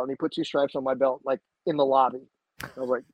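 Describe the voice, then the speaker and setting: A man telling a story as a podcast guest in a casual, animated way, acting out the voices he quotes. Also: fast talker, no room sound. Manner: animated, acts out quoted voices with big pitch jumps. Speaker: podcast guest, jiu-jitsu black belt. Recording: slightly dull, dry sound.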